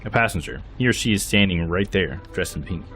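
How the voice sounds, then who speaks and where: Young man, game streamer, lively reading voice, lowish pitch, laughs often. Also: fairly quick, soft background music. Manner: lively, laughs often, reads narration aloud. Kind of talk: reading a game aloud with commentary.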